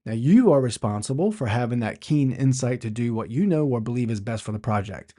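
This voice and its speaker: This podcast host teaches conversationally, asking rhetorical questions and restarting phrases as he goes. His medium-pitched voice is warm, a little fast, and lively in intonation.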